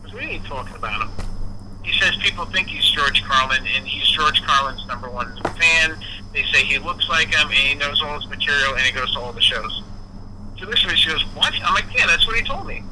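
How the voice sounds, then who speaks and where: A man telling a casual story with a fairly high voice. He acts out every quoted line with lively changes in his delivery. His voice comes through a noisy, hissing phone line. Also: brisk. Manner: animated, acts out quoted dialogue. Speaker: guest musician.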